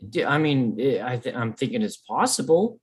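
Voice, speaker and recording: A man's voice: medium pitch, lively intonation, normal speed, breathy edge. A man joining a casual sports podcast late and chiming in offhandedly about a game.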